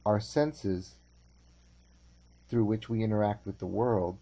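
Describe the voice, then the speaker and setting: Slow, low-voiced male teacher. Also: steady tone, dark tone. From California. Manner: measured and unhurried, with halting restarts. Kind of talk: slow lecture with storytelling.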